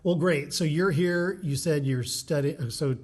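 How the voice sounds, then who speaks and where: A man's voice: a little high, unhurried, a little mellow. A man hosting an interview podcast, friendly and rambling, asking loose questions with fillers. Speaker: podcast host.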